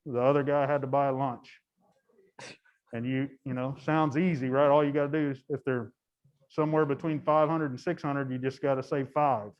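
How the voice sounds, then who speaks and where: A man's voice: fairly high pitch, dull audio. A man casually commenting while he watches cattle, chatty, laughing often and breaking off his sentences. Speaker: guide.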